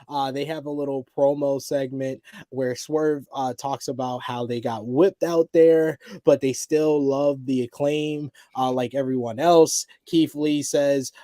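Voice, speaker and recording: A man's voice: mid-range voice, mellow, no room sound. A man co-hosting a casual wrestling review podcast, recapping events in a laid-back way and laughing often. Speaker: podcast co-host.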